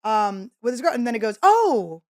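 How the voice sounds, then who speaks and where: A woman in her thirties hosting a podcast, telling a story in casual chat and acting out quotes in a higher voice. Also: quick pace. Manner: animated, acts out quotes in a high voice. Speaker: podcast host.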